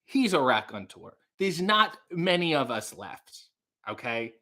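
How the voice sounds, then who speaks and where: A man's voice: fairly high pitch, big pitch swings, measured pace, pushed and bright. A man hosting a casual livestream, reading viewer comments aloud with playful, wordy asides. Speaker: livestream host.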